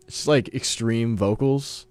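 A man's voice: medium pitch, unhurried, darkish tone, dry recording. A young man, a student guest on a radio show, talking eagerly but with many restarts and repeated words. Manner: hesitant, repeats words, enthusiastic. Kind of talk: casual radio interview. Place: radio studio.

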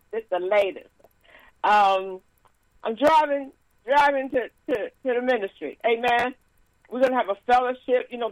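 A woman minister giving a casual sermon with stories and announcements, lively and laughing, with frequent praise interjections. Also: fairly high pitch, no echo, low-quality recording.

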